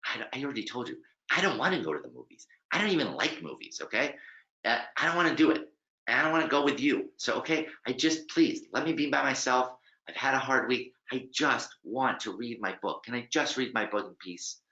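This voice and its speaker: A man's voice: medium pitch, lively intonation, fairly quick, sharp tone, pitched above the performer's own voice. A man with an American accent voicing a tired adult who politely but firmly turns down a pushy stranger. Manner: weary, polite, firm. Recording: roomy, slightly dull webinar audio.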